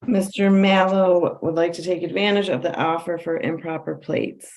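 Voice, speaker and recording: A woman's voice: lowish voice, fairly even intonation, moderate pace, darkish tone, low-quality recording. A woman acting as defense attorney, speaking hesitantly to the court.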